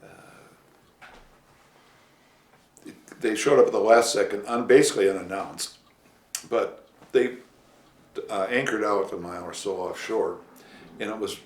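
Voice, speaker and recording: Brief: low-voiced male interviewee, rambling storyteller, roomy echo, light hiss. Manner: rambling, with many "uh" pauses. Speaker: interviewee, former city official. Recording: echoey room, faint hiss.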